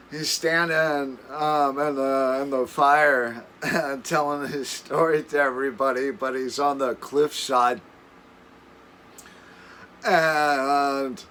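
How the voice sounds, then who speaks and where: A man's voice: mid-range voice, sharp tone. A man telling camping stories in a casual, rambling way for his vlog, chuckling often and restarting his sentences. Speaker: camping vlogger. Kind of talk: casual storytelling. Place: camper.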